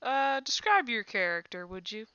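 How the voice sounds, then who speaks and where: Woman gm narrating dice game, smooth clear voice, super dry close sound, kinda amused. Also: fairly high pitch, very animated, moderate pace, pushed and bright, no echo, lo-fi sound. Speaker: game master.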